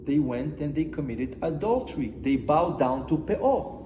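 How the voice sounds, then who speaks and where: A man, a rabbi, teaching a lively Torah lesson, putting questions to his listeners and mixing in Hebrew phrases. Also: on the high side, unhurried. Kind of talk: animated Torah lesson to a small group. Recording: echoey room with long reverb, faint noise.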